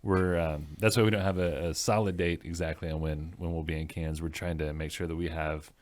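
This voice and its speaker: Man, very deep voice, flat monotone delivery, measured, frequent ums. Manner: measured, steady, hesitant with ums. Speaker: head brewer, guest. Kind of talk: casual interview answers.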